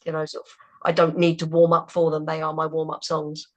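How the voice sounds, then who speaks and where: Woman, band singer, slightly low voice, chatty and easygoing. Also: monotone, a little fast, darkish tone. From England. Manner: chatty, laughs between thoughts, many fillers. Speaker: band member. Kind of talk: casual interview chat.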